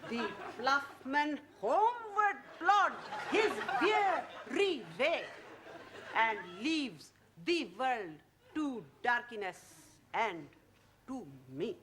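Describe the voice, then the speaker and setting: An actress playing an earnest adult student reciting a poem in halting, broken English in a sitcom. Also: female voice, sits high, big pitch swings, a crowd in the background, noisy background, exaggerated voice. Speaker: adult evening-class student. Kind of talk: 1970s studio sitcom acting.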